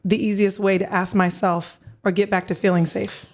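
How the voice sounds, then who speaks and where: A woman's voice: mid-range voice, little pitch movement, moderate pace, a little mellow. A woman podcast host in a candid, chatty interview, swearing casually.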